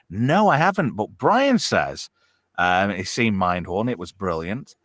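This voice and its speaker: Brief: host, bawdy storyteller, lively swings in pitch. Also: male voice, unhurried, no room sound, clean studio sound. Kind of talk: casual livestream chat.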